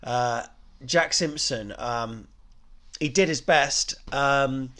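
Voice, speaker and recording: A man's voice: mid-range voice, drawn-out words, bright, forceful tone. A man hosting a football fan channel, rating players in a casual, rambling way, full of ums and you-knows and small self-corrections.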